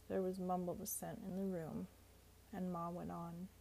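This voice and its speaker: A woman narrating an audiobook in a steady, measured reading voice. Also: lowish voice, gravelly, slight background noise, rough recording.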